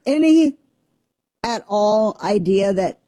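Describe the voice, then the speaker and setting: A woman in her forties from Southern Missouri, co-hosting a casual talk show and telling a family story with lively, joking asides. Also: medium pitch, takes it slowly, no room sound. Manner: animated, jokey, talks over herself. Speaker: show co-host.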